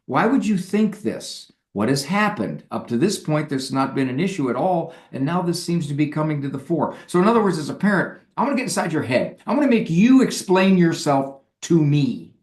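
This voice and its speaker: A man's voice: a little high, expressive, fairly quick, few pauses, a little mellow, echoey room. A man talking as a guest psychologist in a casual interview, acting out the parents and couples he describes.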